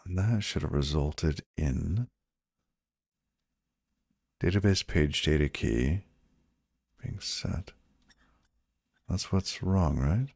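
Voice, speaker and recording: Very deep-voiced man muttering while debugging. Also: slow, creaky, pauses often, a little mellow, husky, no room sound, studio quality. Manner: muttering to himself, trailing off, chatting to viewers between code reads. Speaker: programmer live-streaming his coding. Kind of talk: casual thinking aloud while debugging.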